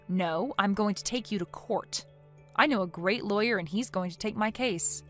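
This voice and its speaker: A synthetic woman's voice reading a text-message story in a cold, firm and measured way. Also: mid-range voice, a bit bright, faint music behind.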